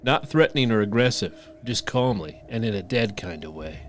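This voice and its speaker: A man's voice: on the low side, expressive, moderate pace, a little hiss or hum. A man co-hosting a podcast, reading stories aloud and joking and laughing between lines. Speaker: podcast co-host.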